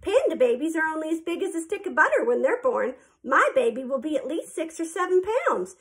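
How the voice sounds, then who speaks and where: A woman's voice: high voice, sing-song, fairly quick, a bit bright, pitched above the performer's own voice, heavily acted. A woman voicing a kindly but firm expectant mother in a storybook reading. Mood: patient.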